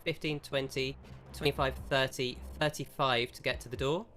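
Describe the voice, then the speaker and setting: A man running a tabletop game as game master, describing scenes in an unhurried way and giving players instructions. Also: medium pitch, steady tone, sharp tone, slight background noise.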